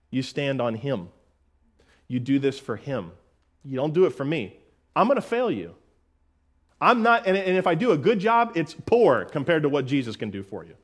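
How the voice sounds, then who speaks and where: Animated man preaching a sermon. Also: fairly high pitch. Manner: call-and-response questions to the congregation; animated, casual asides. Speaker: pastor. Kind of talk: expository sermon.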